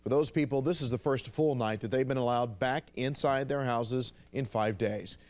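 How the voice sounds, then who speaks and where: A man's voice: mid-range voice, moderate pace, darkish tone, no echo. A man anchoring a TV newscast and handing off to a reporter. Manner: crisp studio delivery. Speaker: news anchor. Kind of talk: news anchoring.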